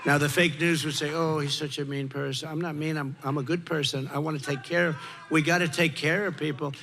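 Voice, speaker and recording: This older political candidate has a slightly high, creaky voice with a sharp tone, fairly even intonation and a slightly quick pace. He ad-libs a rally speech at a podium microphone in a large venue, repeating brief emphatic phrases over echoing PA sound and a faint crowd.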